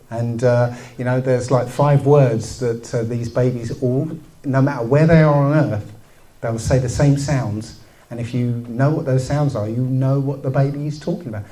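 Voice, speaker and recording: A man's voice: medium pitch, warm tone, slight background noise, rough recording. A man hosting a podcast in casual chat, speaking hesitantly with many fillers. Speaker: podcast host.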